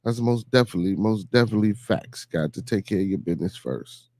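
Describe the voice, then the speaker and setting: A man with a Chicago accent hosting a solo podcast in a relaxed, chatty way, repeating shout-outs and leaning on fillers. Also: on the low side, fast, no room sound. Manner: laid-back, repetitive shout-outs and fillers. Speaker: podcast host. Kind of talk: casual solo podcast chat.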